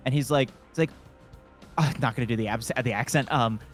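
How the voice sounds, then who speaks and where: Rambling fast-talking man telling a story. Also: mid-range voice, faint music behind. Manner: rambling storyteller, swears a lot, many fillers. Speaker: streamer telling a work story. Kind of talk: casual gaming stream chat.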